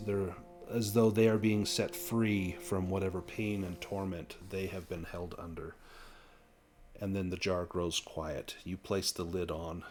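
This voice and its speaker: A man running a tabletop horror game, his voice a little low. He narrates in a measured, descriptive manner and often restarts his phrases. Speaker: game master.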